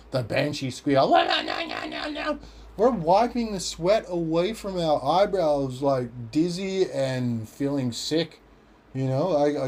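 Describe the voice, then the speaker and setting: A man's voice: mid-range voice, a little mellow. Rambling, cursing Australian man. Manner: rambling, profane, acts out quoted voices. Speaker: podcast host. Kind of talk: casual storytelling.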